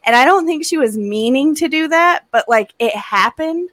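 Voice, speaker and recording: A woman in her thirties telling animated stories in a casual chat, acting out what people said. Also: high voice, moderate pace, dry recording. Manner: animated storyteller, acts out quotes.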